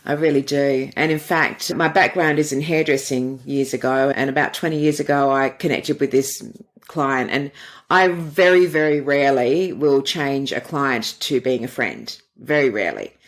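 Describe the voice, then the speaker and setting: A woman's voice: a bass voice, moderate pace. A middle-aged woman, a podcast guest and dating coach, answering interview questions with earnest, flowing storytelling.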